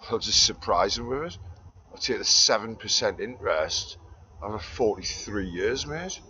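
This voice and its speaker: A man rambles through a profane monologue, muttering low and then ranting loud. The recording is dull and lo-fi. A faint hiss sits underneath. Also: lively intonation, normal speed.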